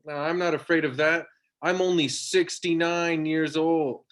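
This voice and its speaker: A man doing a shrugging old man in his sixties, pitched up and stretched out slow. He sounds lazy and unbothered. He brushes off every worry in a raised, unhurried drawl. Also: little pitch movement, natural voice. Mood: dismissive. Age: 60s.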